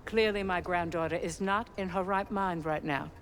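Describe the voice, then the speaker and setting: A woman voicing a stern, proud older grandmother, speaking in a measured, imperious way. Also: on the low side, a little hiss or hum, natural voice. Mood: haughty. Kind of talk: video game voice acting.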